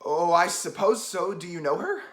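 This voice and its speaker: A man's voice: high voice, animated, moderate pace, fairly bright tone. A man voicing an awkward, hesitant young man in a student comedy play, stammering often.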